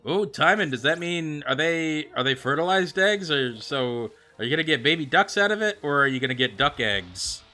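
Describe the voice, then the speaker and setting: A young man streaming a game, reading out viewer comments and answering them in a chatty, animated way. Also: on the high side. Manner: chatty, animated, answers chat with quick excited reactions. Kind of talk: casual livestream chat reading viewer comments. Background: faint background music.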